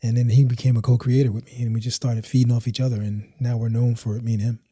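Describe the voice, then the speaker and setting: A man's voice: mid-range voice, little pitch movement, fast talker, dark tone, breathy edge, no echo. A man, a house dancer guesting on a podcast, telling his story in a laid-back, slangy, rambling way and acting out what his friends said.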